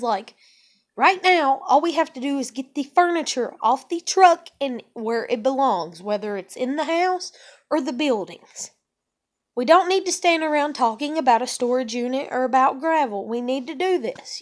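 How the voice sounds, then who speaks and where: A woman's voice: sits high, lively intonation, normal speed. A woman, venting in an exasperated monologue full of rhetorical questions. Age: 30s. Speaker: vlogger.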